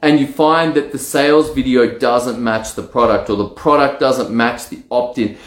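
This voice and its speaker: Energetic man coaching in an echoey room. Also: medium pitch, normal speed. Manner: energetic, acts out excited self-talk. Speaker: marketing coach. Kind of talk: solo direct-to-camera talk. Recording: roomy echo.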